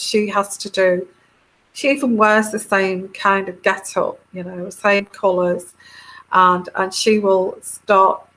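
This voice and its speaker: A woman's voice: mid-range voice, a bit bright, poor audio. A woman hosting a tarot channel chats on a live stream. She reads out viewer comments and rambles earnestly, with many fillers and restarts. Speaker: tarot reader and channel host.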